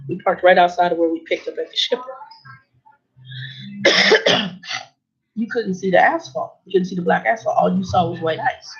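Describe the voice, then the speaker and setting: A woman's voice: on the low side, normal speed, long pauses, slightly rough. A woman truck driver telling stories in a casual vlog, blunt and sarcastic. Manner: sarcastic, blunt, animated storytelling. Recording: dull lo-fi recording.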